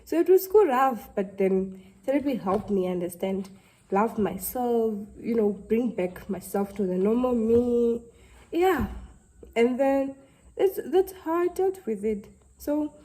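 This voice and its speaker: A young woman, talking to camera in a halting, heartfelt way and close to tears. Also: fairly high pitch, darkish tone, slight background noise, poor audio. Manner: halting, heartfelt, with many restarts. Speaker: vlogger. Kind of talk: casual talk to camera.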